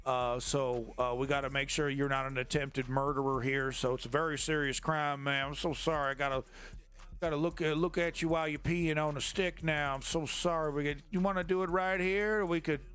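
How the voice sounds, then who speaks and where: A man's voice: on the high side, fairly even intonation, brisk, fairly bright tone, clear, resonant tone, lightly acted. A man voicing a creepy male small-town cop who keeps apologizing in a drawling, mock-polite way. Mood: mock-apologetic.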